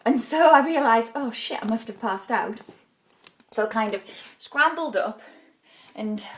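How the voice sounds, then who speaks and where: A young woman with a British accent talks to her camera at home in a casual vlog. Her voice sits a little high and she tells the story in a chatty, animated way, playing out her own past words. It sounds like an everyday indoor recording. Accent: British English. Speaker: vlogger.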